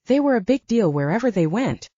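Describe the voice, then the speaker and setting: Woman voicing a smooth, wry young man. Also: on the high side, big pitch swings, fairly quick, mellow, no room sound, pitched above the performer's own voice. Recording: dull dry audiobook recording.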